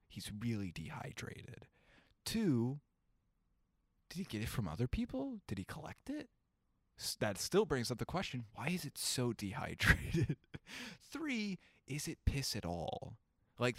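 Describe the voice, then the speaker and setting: A young man from Kentucky co-hosting a podcast in casual chat, rambling and animated, laughing often. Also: mid-range voice, no echo, studio quality. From Kentucky, United States. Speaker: podcast co-host.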